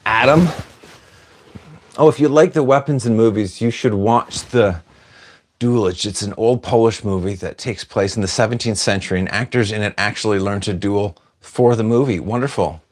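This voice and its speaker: A man's voice: on the low side, normal speed. A man casually chatting on a livestream, reading out viewer comments and answering them in a rambling, self-deprecating way. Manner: chatty, self-deprecating, wanders off mid-sentence.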